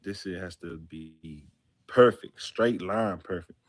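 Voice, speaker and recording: Deep-voiced earnest man. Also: no room sound. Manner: earnest, halting, confessional. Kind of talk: casual podcast talk.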